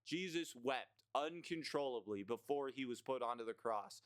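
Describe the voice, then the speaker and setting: A man's voice: mid-range voice, lively intonation, moderate pace, smooth, dry recording. A young man from the United States ranting through a list of dislikes in a blunt, profane, rambling way, with plenty of fillers. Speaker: vlogger.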